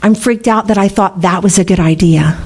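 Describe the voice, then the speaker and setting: A woman's voice: mid-range voice, normal speed, a little mellow. Candid woman telling her recovery story. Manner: candid, laughing, swearing freely. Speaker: recovery meeting speaker. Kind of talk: personal recovery talk. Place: meeting room.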